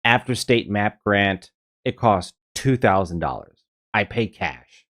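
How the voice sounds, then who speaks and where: A man's voice: lowish voice, lively intonation, takes it slowly, a bit bright. A man giving reaction commentary, lecturing in an emphatic way.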